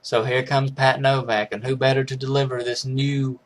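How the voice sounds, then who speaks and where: A man's voice: medium pitch, little pitch movement, moderate pace. A man casually recapping a movie's plot in a rambling way, restarting sentences and chuckling as he goes. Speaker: movie reviewer.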